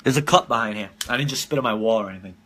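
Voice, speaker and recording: A man's voice: lowish voice, rapid-fire, a bit bright, slight background noise. A man in his twenties hosting a casual live-streamed podcast from home, telling rambling, profane stories and laughing often. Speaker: podcast host.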